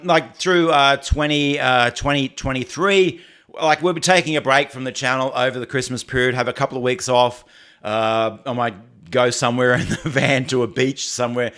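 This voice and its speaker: Halting Australian man hosting a livestream. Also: mid-range voice, bright, forceful tone. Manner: halting, often restarts and repeats phrases. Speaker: livestream host. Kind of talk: casual livestream chat, reading viewer comments.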